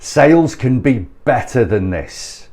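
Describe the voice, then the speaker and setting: A man's voice: medium pitch, animated, takes it slowly, darkish tone. A man who works as a sales trainer, ranting bluntly and exasperatedly straight to camera with some swearing. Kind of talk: ranting direct-to-camera address.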